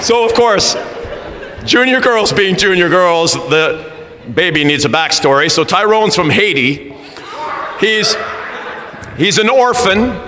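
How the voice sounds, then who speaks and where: A man coaching rugby, telling a funny story in a lively way at a school assembly. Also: sits high, takes it slowly, pauses often. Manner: humorous, animated storyteller. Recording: reverberant hall with faint background noise.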